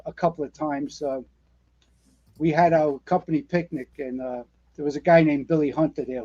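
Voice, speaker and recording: A man, pitched noticeably high, spins rambling fire-station stories with plenty of fillers and restarts. The recording sounds dull and lo-fi. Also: breathy edge. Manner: animated storyteller, rambling with many fillers and restarts. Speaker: retired fire captain guest. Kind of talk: casual storytelling interview.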